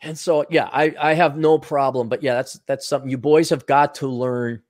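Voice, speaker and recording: A man's voice: medium pitch, normal speed, dry recording, clean studio sound. A man co-hosting a casual podcast, telling stories and acting out quoted voices. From United States. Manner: animated, acts out quoted voices. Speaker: podcast co-host.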